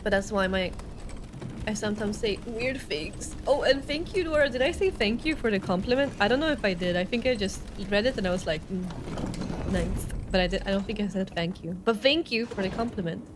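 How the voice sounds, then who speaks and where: A young Swedish woman streams a game with live commentary, her Swedish accent showing that English isn't her first language. Her mid-range voice is animated and a little fast as she chats playfully and sarcastically over a noisy background.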